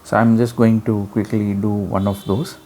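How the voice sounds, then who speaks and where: A man explaining an audio mixer in a relaxed hands-on demo, with frequent fillers. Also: on the low side, moderate pace, slight background noise. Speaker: gear reviewer.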